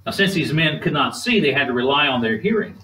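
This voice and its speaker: A man preaching a sermon in a measured, emphatic way, drawing spoken responses from the congregation. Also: a little high, expressive, sharp tone. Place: church sanctuary. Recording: echoey room, distant mic.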